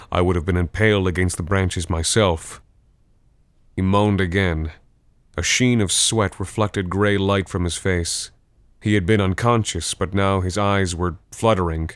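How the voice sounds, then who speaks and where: Man, horror story narrator, deep voice, smooth resonant tone, dry close sound, measured and tense. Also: no room sound.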